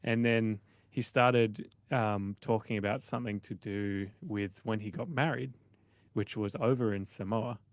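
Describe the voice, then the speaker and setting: Low-voiced man, rambling radio chat. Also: fairly even intonation, a little slow, dry recording. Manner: rambling, storytelling with fillers. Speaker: radio co-host.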